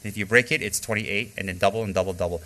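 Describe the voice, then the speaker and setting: Emphatic, bright-voiced male Buddhist teacher. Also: low-pitched, steady tone, fast. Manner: emphatic, repeats key phrases for stress; candid personal storytelling. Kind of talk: spoken dharma teaching.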